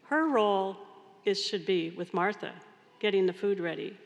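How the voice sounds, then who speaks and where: A woman's voice: mid-range voice, animated, normal speed. A woman priest giving a conversational, story-filled sermon. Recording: long reverb of a large hall.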